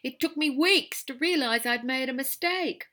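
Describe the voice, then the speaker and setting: A woman's voice: high voice, moderate pace, bright, forceful tone, pitched above the performer's own voice. A woman reading aloud and voicing a theatrical young man who declaims clumsy verse to win back his mate. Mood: declaiming. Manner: showy, declaiming.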